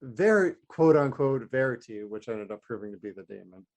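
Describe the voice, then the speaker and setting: A man's voice: mid-range voice, lively intonation, normal speed, a little mellow, dull audio. A man co-hosting a podcast, talking through a TV season in an easygoing casual chat, chuckling and quoting his own reactions. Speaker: podcast co-host. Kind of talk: casual chat recapping a TV show.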